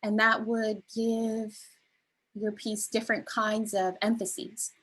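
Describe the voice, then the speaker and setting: A woman leading a beginner spoken word workshop, explaining delivery gently with frequent ums and restarts. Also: mid-range voice, little pitch movement, takes it slowly, slightly rough, low-quality recording. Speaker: workshop facilitator.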